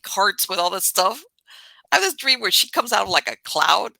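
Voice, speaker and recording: Podcast host lady, super bright voice, chatty animated storytelling, dry sound. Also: mid-range voice, normal speed, gravelly, no room sound. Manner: animated, laughing as she tells it. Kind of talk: casual storytelling.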